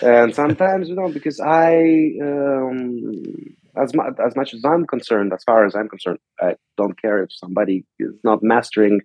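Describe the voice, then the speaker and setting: A man's voice: mid-range voice, moderate pace, no echo, dull audio. A man, a guest violinist, speaking thoughtfully and hesitantly in an interview. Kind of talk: conversational interview.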